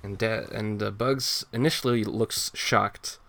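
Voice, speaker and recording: A man's voice: on the low side, steady tone, a little slow, creaky, a bit bright. A man co-hosting a casual chat about a comic, explaining at length with many fillers and swearing. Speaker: co-host reviewing a comic.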